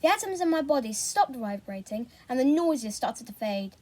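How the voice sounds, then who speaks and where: A woman reading a children's novel aloud in an expressive storybook style. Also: high-pitched, moderate pace. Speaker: reader.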